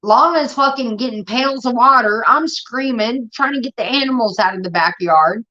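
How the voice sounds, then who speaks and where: A young woman telling rambling, profane stories in casual chat, getting animated as she retells them. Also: fairly high pitch, normal speed. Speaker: show host. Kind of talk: casual storytelling rant. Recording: dull lo-fi stream audio.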